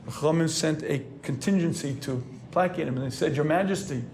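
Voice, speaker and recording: A man, a rabbi, preaching a sermon in an earnest, lecturing way, often clearing his throat as he goes. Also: a little high, brisk, a little mellow, slight background noise.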